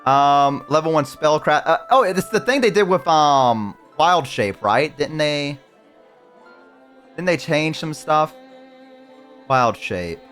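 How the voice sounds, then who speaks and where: A man's voice: fairly high pitch, expressive, takes it slowly, long pauses, fairly bright tone, soft background music. A man streaming live, talking casually and rambling as he answers chat mid-sentence.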